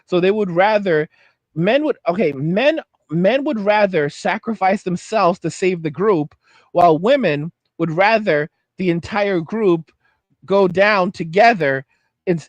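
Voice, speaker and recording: A man with a high voice delivers a heated, blunt rant on his own commentary channel. He often stumbles over words and restarts his sentences. The recording is dry and close, with no room echo. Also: a little slow. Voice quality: high-pitched voice. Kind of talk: ranting commentary vlog.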